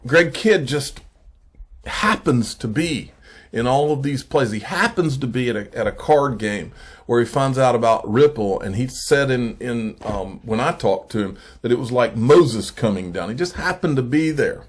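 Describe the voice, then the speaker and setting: A man hosting a crypto investing channel, giving casual emphatic commentary and repeating points slowly for effect. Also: mid-range voice, lively intonation. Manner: addresses viewers as folks, frequent okay. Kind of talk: casual commentary on screen posts.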